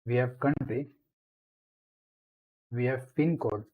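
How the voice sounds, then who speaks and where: Man, coding tutorial, slow unhurried delivery, explains each step while typing. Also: medium pitch, phone-quality sound. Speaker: programming tutor.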